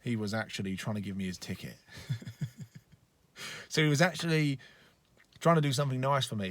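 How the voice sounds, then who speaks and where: A man's voice: mid-range voice, fairly quick, pauses often, fairly bright tone, no room sound. Blunt, swearing male life coach. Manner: blunt, profane, conversational. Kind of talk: casual motivational training talk. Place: inside a parked car.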